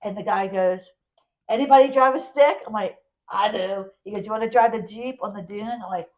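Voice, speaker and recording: A woman co-hosting a podcast, telling a travel story in casual chat, animated and full of restarts. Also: mid-range voice, brisk, highs cut off. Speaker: podcast co-host.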